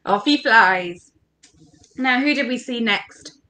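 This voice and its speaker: A woman's voice: fairly high pitch, animated, slow, bright, forceful tone, a little hiss or hum. A woman leading an interactive story workshop for children, talking in a playful, encouraging, sing-song way.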